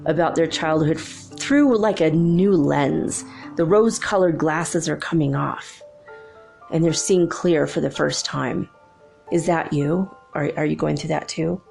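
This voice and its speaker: Gravelly low-voiced woman telling a story. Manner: chatty, laughs often, lively retelling. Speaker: spiritual channel host. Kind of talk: casual storytelling to camera.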